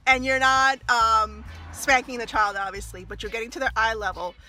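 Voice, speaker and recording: A woman talking casually to camera as a mother and former early childhood teacher, animated and laughing often as she acts out little scenes. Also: a little high, fairly quick, soft background music. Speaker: mother giving parenting tips. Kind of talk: casual advice vlog to camera.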